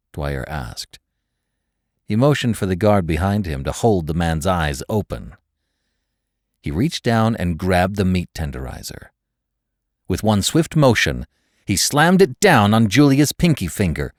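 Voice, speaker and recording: Deep-voiced male audiobook narrator, lively delivery. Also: no echo, clean studio sound. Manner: measured, dramatic storytelling.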